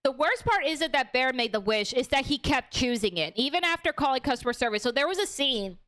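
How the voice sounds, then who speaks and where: A young woman with a high, smooth, clear voice talks through a film on her livestream. She is animated and blunt, swearing freely as she tells the story. The feel is a loose, casual review. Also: fairly quick. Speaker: movie review livestream host.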